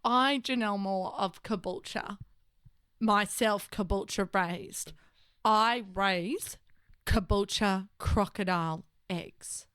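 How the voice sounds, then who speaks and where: A woman's voice: mid-range voice, takes it slowly, fairly bright tone, clear, resonant tone, no room sound, studio quality. A woman improvising a rambling crocodile-egg lady. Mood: self-assured. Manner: rambling, earnest, flustered over-explaining. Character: self-important woman who raises crocodile eggs. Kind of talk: improvised comedy.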